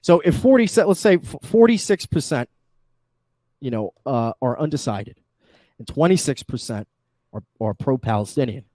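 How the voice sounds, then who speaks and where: A man's voice: medium pitch, expressive, moderate pace, dark tone, no echo. A man calling into an online debate, stumbling and repeating himself, dropping crude insults. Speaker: caller, debate guest.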